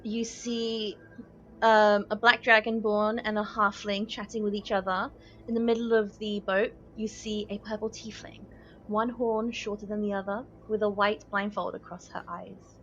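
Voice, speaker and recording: A woman's voice: mid-range voice, little pitch movement, moderate pace, fairly bright tone, slight background noise. A woman running a tabletop game as dungeon master, narrating loosely with fillers and laughs. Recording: dull lo-fi podcast audio.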